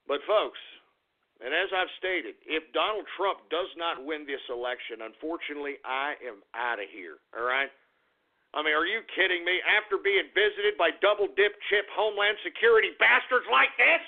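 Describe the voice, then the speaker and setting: Agitated high-voiced male radio ranter. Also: moderate pace. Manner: agitated, profane, repetitive rant. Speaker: radio show host. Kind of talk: ranting talk radio monologue. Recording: tinny phone-like radio audio.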